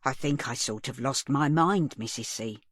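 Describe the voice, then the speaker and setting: A woman's voice: a bass voice, normal speed, no echo, studio quality, voice pushed down. A woman voicing an earnest, ashamed young man who speaks hesitantly.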